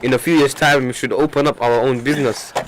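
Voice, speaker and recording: A man's voice: mid-range voice, steady tone, quick pace, a little hiss or hum, low-quality recording. Laid-back young man, dry remarks. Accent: Leicester English. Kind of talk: casual banter.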